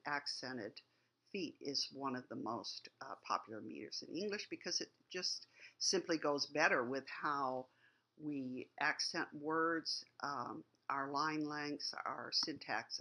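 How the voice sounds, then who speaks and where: A woman's voice: deep voice, pushed and bright. A woman teacher giving a lecture on poetry, explaining things patiently and thinking aloud as she goes.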